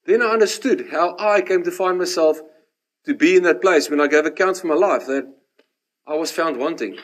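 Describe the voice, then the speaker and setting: A man delivers a sermon through his own story. His voice sits fairly high. He gets animated at the dramatic moments and drops to a hush when he turns reflective. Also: normal speed. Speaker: preacher. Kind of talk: sermon with personal testimony.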